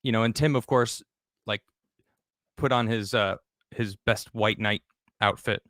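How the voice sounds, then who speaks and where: A man speaking as a podcast guest, telling his story candidly and bluntly, with frequent swearing and halting restarts. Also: lowish voice, fairly even intonation, a bit bright, no room sound, clean studio sound. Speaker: podcast guest recounting his exit from a show.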